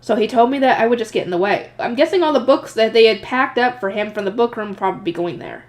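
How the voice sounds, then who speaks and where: A woman's voice: fairly high pitch, fast talker. Slightly nasal woman reading a novel. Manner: chatty asides, emotional, some stumbles. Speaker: audiobook reader. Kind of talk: casual light novel reading with asides.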